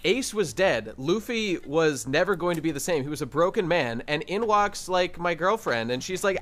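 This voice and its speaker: A man's voice: high voice, animated, moderate pace, few pauses, fairly bright tone, a little hiss or hum. A young man telling stories on a casual podcast, swinging into mock outrage, recorded on a podcast mic. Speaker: podcast co-host.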